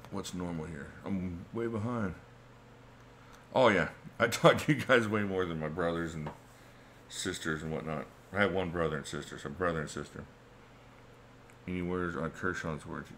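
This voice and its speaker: Low and a touch bright, the voice belongs to a middle-aged man casually hosting a livestream. He goes through chat comments, laughs frequently, and keeps things loose and conversational over a slight hiss or hum.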